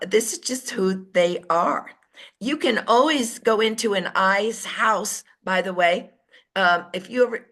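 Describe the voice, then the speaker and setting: Woman team trainer on a call, middle pitch, lively storyteller. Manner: lively storyteller who acts out quoted voices. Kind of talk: motivational team training talk. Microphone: online call.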